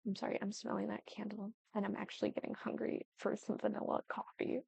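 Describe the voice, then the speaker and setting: Young female gaming vlogger, chatty and self-apologetic, dark gravelly tone. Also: mid-range voice, completely flat delivery, a little fast, no echo. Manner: chatty, apologetic, thinking aloud. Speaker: Sims building YouTuber. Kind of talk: casual gameplay commentary.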